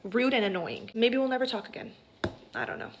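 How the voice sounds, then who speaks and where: A woman's voice: fairly high pitch, big pitch swings, fairly quick, a little hiss or hum, poor audio. A woman vlogger telling a story in a heated, indignant rant, full of "like" fillers.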